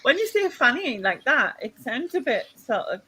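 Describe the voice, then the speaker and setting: A woman's voice: high-pitched, big pitch swings, normal speed, pushed and bright, husky. A woman in a casual chat with friends, laughing often and teasing.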